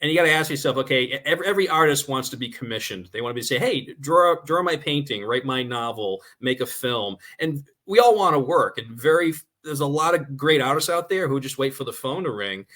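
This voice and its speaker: Fast-talking nasal New York man. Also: mid-range voice. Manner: fast-talking, animated storyteller. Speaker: guest filmmaker. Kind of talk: casual talk-show chat.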